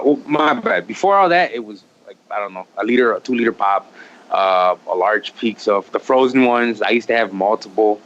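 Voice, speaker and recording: A podcast guest with a Midwestern accent tells stories candidly and earnestly, his voice low-ish but fairly bright. He's heartfelt, often restarting sentences and leaning on "like" as a filler. The recording is dull and lo-fi with faint noise.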